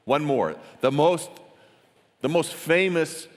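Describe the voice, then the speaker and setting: A man's voice: a little high, lively intonation, slow. A man teaching a Bible study in a casual, chatty way, often restarting his words and asking the audience questions. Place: large hall with a gathered audience. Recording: long hall reverb.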